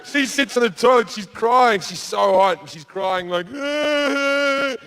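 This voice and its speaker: A man's voice: high voice, normal speed, fairly bright tone. A man doing stand-up storytelling in a large theatre, brash and profane, slipping into acted-out voices. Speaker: stand-up comedian. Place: large theatre with a live audience.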